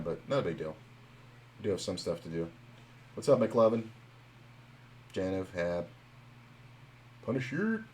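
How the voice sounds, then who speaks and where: A man's voice: sits low, a little mellow, slight background noise. A young man streaming live, chatting casually and telling stories in a loose, rambling way full of fillers and swearing.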